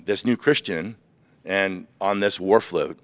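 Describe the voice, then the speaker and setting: A man in his fifties, a veteran guest on a podcast, candidly retelling personal stories in an animated way. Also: low voice, takes it slowly, no echo. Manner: animated, vivid retelling of past events.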